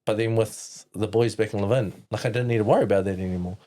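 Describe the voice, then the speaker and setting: A man's voice: lowish voice, steady tone, quick pace, mellow. A young man, a podcast guest telling his own story in casual chat, filling his talk with "like" and "you know". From New Zealand. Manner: rambling, heavy use of "like" and "you know".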